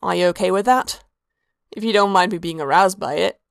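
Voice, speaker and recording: A woman reader voicing a wry, sharp-tongued elf woman. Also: fairly low pitch, fairly quick, gravelly, no room sound. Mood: dry. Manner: dry, wry delivery, slightly above her narration.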